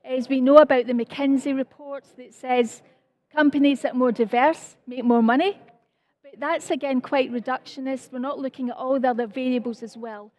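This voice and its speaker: A woman's voice: high-pitched, fairly even intonation, normal speed, a little mellow. A woman with a Scottish accent giving a conference presentation, earnest and apologetic, with self-deprecating asides. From Scotland. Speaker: conference speaker.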